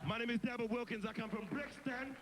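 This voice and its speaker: A man's voice: extremely high pitch, fairly even intonation, fairly quick, over a noisy crowd, voice pushed up. A man playing a brash, boastful young Brixton man with a South London accent in a stand-up character act. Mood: swaggering. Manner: boastful, swaggering patter. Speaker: comedian in character. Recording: roomy noisy live tape.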